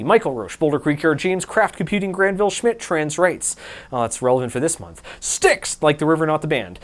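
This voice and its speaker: A man hosting a maker channel, talking with irreverent, deadpan humor and reading out a long list of supporter names. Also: fairly high pitch. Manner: irreverent, deadpan jokes, rapid name list. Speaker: YouTube maker host. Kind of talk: sarcastic tech talk and patron shout-outs.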